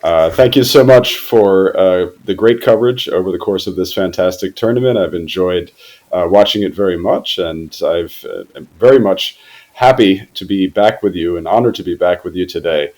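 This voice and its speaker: A man from Germany, speaking as a football reporter guest on a podcast in a formal, measured way with frequent hesitations. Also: sits low, darkish tone, low-quality recording. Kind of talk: podcast interview.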